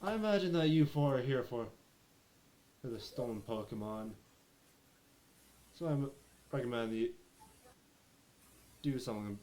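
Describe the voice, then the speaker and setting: A man voicing an aloof male villain scientist in a tabletop game, speaking in a halting, dismissive way. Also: medium pitch, warm tone, voice pushed down, natural voice.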